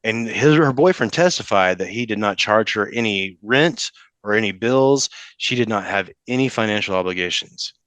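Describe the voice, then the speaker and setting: A young man with a low, forceful, bright voice talks as a podcast guest, halting and restarting as the emotion catches up with him. The sound is close and dry. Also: dry recording. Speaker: podcast guest, father in custody case. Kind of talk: casual interview talk.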